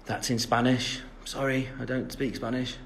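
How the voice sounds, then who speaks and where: Young english guy on a phone live, chatty, loads of ums, average pitch. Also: flat delivery, normal speed, a bit bright, a little hiss or hum. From England, West Midlands. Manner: chatty and rambling, reads out fan questions, many ums. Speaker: singer answering fans on a livestream. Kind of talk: casual live-stream Q&A.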